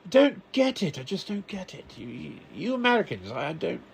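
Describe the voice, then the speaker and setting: A man putting on a mock English accent, ranting with heavy sarcasm and exasperation. The voice sits fairly high and climbs higher still as the indignation builds. It is comic commentary delivered in a put-on voice. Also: sing-song, normal speed, creaky, breathy edge, exaggerated voice. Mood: exasperated. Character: man faking a posh English accent, grumbling. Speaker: podcast host.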